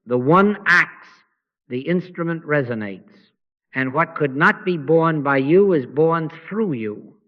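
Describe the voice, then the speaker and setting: A man giving a slow, measured spiritual address in a calm, meditative style, with frequent pauses. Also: a little high. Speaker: spiritual teacher. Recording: slightly muffled lo-fi sound.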